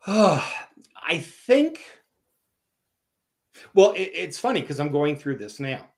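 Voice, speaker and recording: A man from Canada with a somewhat high voice, chatting as a guest author. He tells his stories with energy and acts out the voices of the people in them. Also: drawn-out words. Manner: animated storyteller, acts out quoted voices. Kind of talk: casual interview chat.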